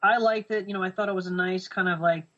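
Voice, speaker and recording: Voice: medium pitch, fairly even intonation, fast talker, fairly bright tone. A podcast panelist in casual chat, giving thoughtful, hedged opinions. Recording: dull lo-fi recording.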